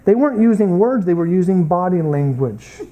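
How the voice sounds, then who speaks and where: A man's voice: high voice, animated, normal speed, mellow, highs cut off. An American man teaching a Bible college class, lecturing through stories and acting out the people in them. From United States. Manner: storytelling, acts out quoted people.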